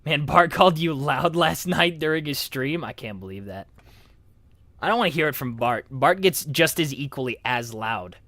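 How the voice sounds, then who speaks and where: A man's voice: fairly high pitch, lively intonation, normal speed, bright, forceful tone. A young man streaming in character as a laid-back male skeleton fan character, casual, giggly and self-mocking. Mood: easygoing. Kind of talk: in-character livestream chat.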